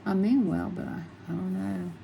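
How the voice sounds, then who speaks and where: Chatty low-voiced woman, rambling. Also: wildly swooping pitch, normal speed, vocal fry, dark tone, a little hiss or hum, low-quality recording. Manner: rambling, chatty, laughs often. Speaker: coloring channel host. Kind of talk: casual chat while coloring.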